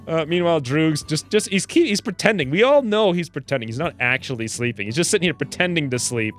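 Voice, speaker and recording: A man commentating his own gameplay in a jokey, animated way, slipping into squeaky voices for the characters. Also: fast, few pauses, faint music behind. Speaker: gaming video host. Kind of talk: let's play commentary.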